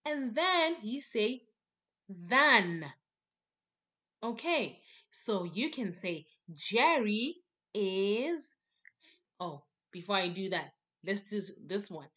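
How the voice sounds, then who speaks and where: Woman teacher going over grammar real slow, repeats everything, mid-pitched voice. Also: very animated, pushed and bright. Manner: patient, repetitive, emphatic explanations. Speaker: English teacher. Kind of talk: classroom grammar lesson.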